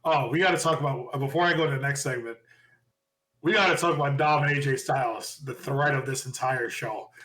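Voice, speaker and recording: A man co-hosting a podcast, excitedly retelling a wrestling show and acting out quotes with lots of laughter. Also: mid-range voice, brisk. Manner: excitable storyteller, laughs often, acts out quotes. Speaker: podcast co-host. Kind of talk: casual wrestling recap chat.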